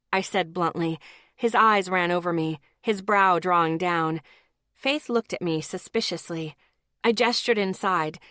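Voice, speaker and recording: A woman's voice: medium pitch, fairly bright tone, dry recording, studio quality. A woman narrating a first-person paranormal audiobook in a blunt, tense, profane voice.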